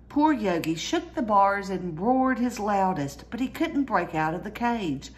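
A woman reading a children's storybook aloud in a lively way, jumping higher for the characters' cries. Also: measured pace, hardly any pauses. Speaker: storyteller reading a picture book.

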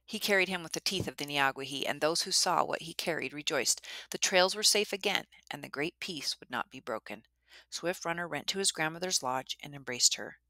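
Low-voiced woman storyteller, bright and dry. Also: animated, fairly quick, no echo. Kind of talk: traditional story narration.

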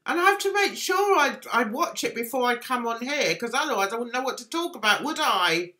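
A woman's voice: fairly high pitch, animated, fairly quick, pushed and bright, soft background music. A woman hosting a casual live stream, rambling and self-deprecating as she chats with viewers. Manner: chatty, rambling, self-deprecating, reads chat aloud. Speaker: livestream host.

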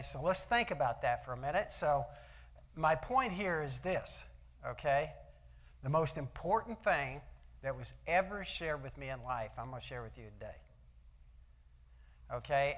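An older man is the speaker at an event, addressing an event hall with a motivational talk; he tells homespun personal stories and asks the audience rhetorical questions. His voice sits mid-range and sounds a bit bright.

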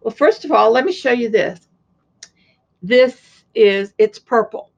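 An older woman with a fairly high voice talks in a chatty, gushing way as she shows off handmade items. The sound is dull and lo-fi, like home video audio. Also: animated, unhurried. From Florida. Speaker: crafting vlogger. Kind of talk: casual show-and-tell chat.

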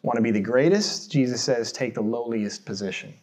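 A male pastor from the United States preaching in a church, at an ordinary middle pitch. He talks to the congregation in a relaxed, conversational way with light self-deprecating humor. He keeps asking them questions as he goes. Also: a little fast. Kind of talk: sermon.

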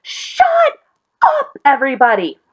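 A woman's voice: fairly high pitch, sing-song, unhurried, exaggerated voice. A woman voicing a bossy, gloating male weasel who leads his gang in a storybook reading. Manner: gloating, yelling.

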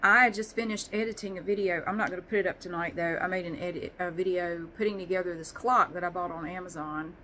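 A woman's voice: lowish voice, steady tone, fast, hardly any pauses, pushed and bright, a little hiss or hum, poor audio. A woman vlogger chatting casually, rambling and swearing with self-deprecating humor. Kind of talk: casual chat.

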